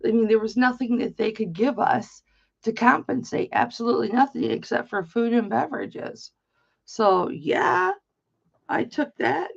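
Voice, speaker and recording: A woman's voice: on the high side, animated, unhurried, gravelly, husky. A middle-aged woman from Michigan hosting an online auction, rambling through a story in a blunt, chatty way and swearing freely. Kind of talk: casual chatty livestream. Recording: slightly dull lo-fi stream audio.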